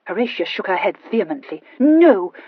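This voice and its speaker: A woman's voice: mid-range voice, animated, a little fast, breathy edge, no room sound, narrow, tinny audio. A woman narrating a novel expressively, voicing each of its characters. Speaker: audiobook narrator. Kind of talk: scripted narration.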